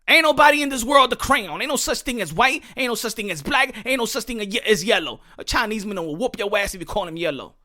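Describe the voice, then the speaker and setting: American man, boxing commentary host, profane rant with a high pitch, repetitive and combative. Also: lively intonation, fast, few pauses, pushed and bright. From United States. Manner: heated, profane, repetitive, rhetorical questions. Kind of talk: ranting commentary monologue.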